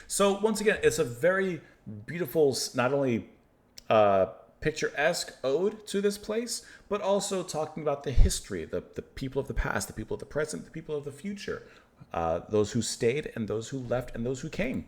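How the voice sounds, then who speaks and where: This American music reaction host has a slightly high voice with big swings in pitch. Slowly reading lyrics aloud, he speaks in a relaxed, reflective way and occasionally stumbles on names he doesn't know.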